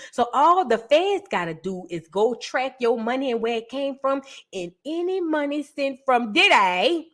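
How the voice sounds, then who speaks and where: A young woman with a fairly high voice rips through celebrity gossip, brash and profane. Her delivery is sassy and mocking, full of loud asides to her viewers. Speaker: reaction video host.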